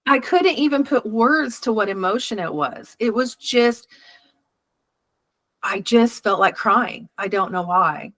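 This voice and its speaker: Animated woman telling a spiritual story. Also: on the high side, a little slow, no echo. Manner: animated, laughs often, acts out quoted voices. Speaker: interview guest. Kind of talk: storytelling in a casual interview.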